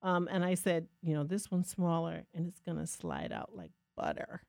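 A woman co-hosting a podcast, telling a lively personal story in a casual, self-mocking way. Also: on the low side, moderate pace, vocal fry, dry recording, studio quality. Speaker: podcast co-host.

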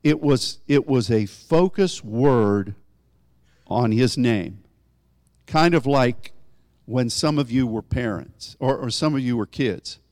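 A man preaching a conversational sermon, often rising in pitch for emphasis as he explains a scripture. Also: takes it slowly, darkish tone, no room sound, studio quality.

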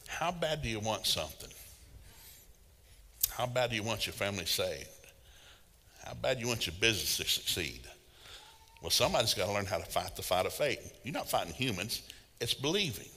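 Bright-voiced folksy preacher in echoing hall. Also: male voice, lowish voice, sing-song, brisk, long pauses. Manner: folksy, humorous storytelling with laughs. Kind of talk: sermon.

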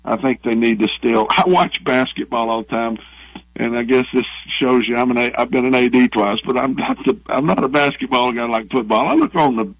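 Folksy Southern former athletic director. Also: male voice, medium pitch, a little fast, gravelly, no echo, low-quality recording. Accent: Southern American. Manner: folksy, opinionated, rambling. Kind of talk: phone-in guest interview.

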